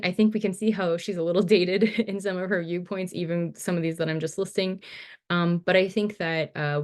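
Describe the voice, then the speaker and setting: A woman teaching over slides in a relaxed, casual manner, full of fillers and restarts. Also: on the low side. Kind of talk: recorded slide lecture.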